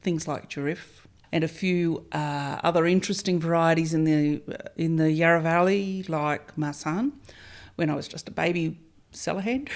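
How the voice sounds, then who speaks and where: Aussie woman, middle-aged, low voice, chatty and self-deprecating, bit of hesitating. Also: a little mellow. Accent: Australian. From Melbourne, Australia. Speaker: winemaker, guest. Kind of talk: casual interview answers.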